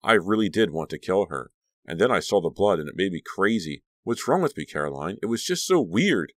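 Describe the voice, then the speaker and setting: A man voicing a frightened teenage girl who is turning savage, reading for an audiobook with a low, lively voice. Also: a little fast, no echo, clean studio sound. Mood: distressed. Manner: frightened, then snarling and frantic.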